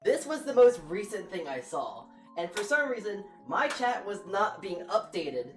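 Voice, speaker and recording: Her mid-range voice swings widely in pitch and runs a little slow. This virtual streamer talks live to viewers in a flustered, apologetic, self-mocking way, exclaiming often, while faint music plays in an echoey room.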